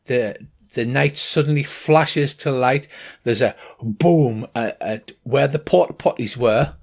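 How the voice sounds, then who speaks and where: A middle-aged man narrating a tabletop game as game master, halting often with ums and uhs. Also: mid-range voice, creaky.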